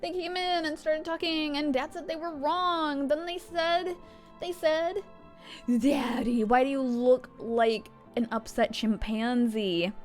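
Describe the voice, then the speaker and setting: A woman doing a sobbing scared little girl, high pitched, stammering, game voice. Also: takes it slowly, faint music behind. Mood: tearful. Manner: tearful, stammering.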